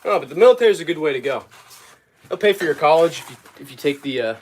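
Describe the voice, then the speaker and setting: A man's voice: a little high, expressive, rapid-fire, noisy background. A young man chatting casually on a livestream while working, rambling and easily sidetracked as he talks to his viewers. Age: young adult.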